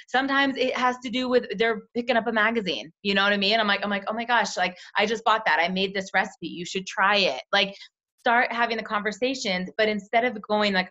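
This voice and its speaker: A young woman, a team leader, coaching sales recruits in a chatty way, acting out quick bits of dialogue. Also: mid-range voice, sharp tone. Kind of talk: coaching call talk. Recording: dull lo-fi call audio.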